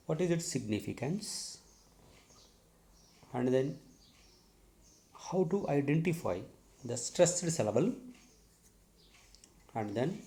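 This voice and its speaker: A middle-aged man from South India with an Indian English accent, teaching a recorded lecture slowly and deliberately, repeating key terms and checking "okay?". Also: mid-range voice, warm tone. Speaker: English professor.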